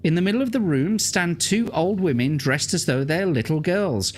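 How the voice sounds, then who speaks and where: Lively man reading a gamebook. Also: on the high side, moderate pace, a little hiss or hum. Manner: swears casually, laughs often. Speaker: host and gamebook narrator. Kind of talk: reading a gamebook aloud with banter.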